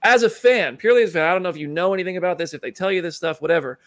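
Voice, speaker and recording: A man's voice: high-pitched, rapid-fire, dry recording. A man hosting a show interview, enthusiastic and rambling, apologizing for his own jokes. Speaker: show host. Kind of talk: casual interview chat.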